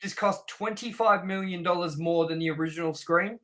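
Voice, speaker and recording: A young man trades opinions on a film with a co-host, reading trivia aloud in a blunt, animated way. His voice sits a little high and sounds bright. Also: normal speed, poor audio. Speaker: podcast co-host. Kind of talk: casual film review chat.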